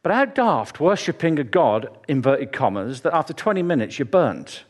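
A man's voice: on the high side, sing-song, moderate pace. A man preaching a sermon in church, telling chatty, jokey stories with asides to the congregation.

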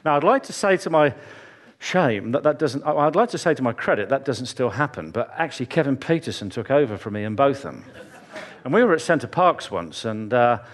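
A man's voice: mid-range voice, sing-song, moderate pace. A man preaching a sermon in church, telling chatty, jokey stories with asides to the congregation.

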